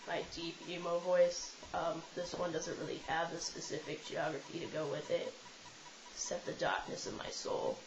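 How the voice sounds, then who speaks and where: This is a gloomy emo young woman, put on by a woman, dropping her voice low into a dark, half-whispered mumble. The room rings a little and the sound is dull. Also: steady tone, moderate pace, noisy background, lightly acted. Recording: roomy, slightly dull home recording.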